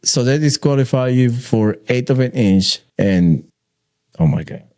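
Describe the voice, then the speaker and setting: A man hosting a podcast, chatting loosely and sharing his own stories with a halting, filler-heavy way of talking. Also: mid-range voice, expressive, warm tone. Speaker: podcast host. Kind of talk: casual interview chat.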